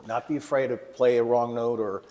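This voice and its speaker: A man's voice: mid-range voice, brisk. Chatty man in an echoey kitchen. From Sweden. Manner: lively storyteller, mimics other voices. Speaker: guest musician cooking. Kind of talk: casual chat while cooking. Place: kitchen set.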